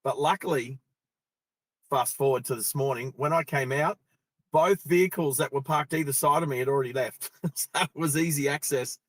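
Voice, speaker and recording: A man's voice: mid-range voice, moderate pace, a bit bright, no echo. A middle-aged Australian man hosting a live driving vlog, telling stories in a loose, chatty way and laughing easily. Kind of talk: casual storytelling while driving. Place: in a car on the road.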